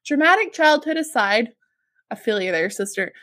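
A woman co-hosting a podcast, reading a listener's letter aloud in an expressive way. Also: on the high side, normal speed, no echo, clean studio sound. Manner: expressive, laughs often. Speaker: podcast co-host.

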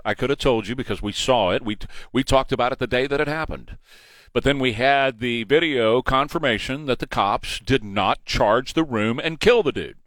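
A man's voice: fairly high pitch, a bit bright, no echo. A man hosting a morning talk radio show, blunt and opinionated, speaking into a studio microphone. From Texas.

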